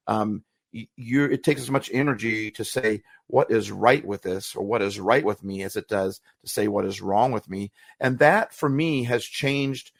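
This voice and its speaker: A man's voice: medium pitch, creaky, dry recording, clean studio sound. A man co-hosting a motivational podcast, talking earnestly and reflectively and circling back on his words. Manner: earnest, reflective, repeats phrases when searching for words. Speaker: podcast co-host.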